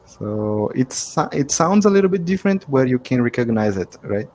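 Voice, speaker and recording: A man's voice: medium pitch, sing-song, normal speed, a little mellow, slight background noise, rough recording. Brazilian man practicing English on a video call. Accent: Brazilian Portuguese. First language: Portuguese. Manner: laughs often, searches for words. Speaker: English learner. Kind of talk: casual conversation practice.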